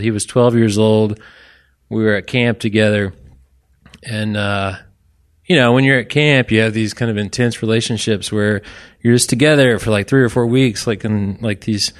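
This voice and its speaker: A man from Orlando telling a personal story on stage to a live audience, chatty and self-deprecating, with apologetic asides. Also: fairly low pitch. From Orlando, Florida. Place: live stage event in a bar venue.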